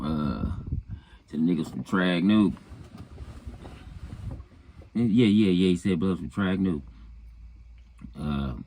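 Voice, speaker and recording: A man's voice: low-pitched, a little mellow, dry recording. A man casually recounting a story in a laid-back, profane way, often chuckling and saying "you know what I'm saying". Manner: chuckles between phrases. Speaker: storyteller recounting his own past.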